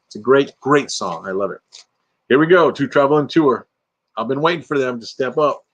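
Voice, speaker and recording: A retired man, middle-aged or older, runs a casual livestream from his RV, reading out viewer comments with a playful, joking manner. His medium-pitched voice moves at a normal speed, and the audio sounds dull.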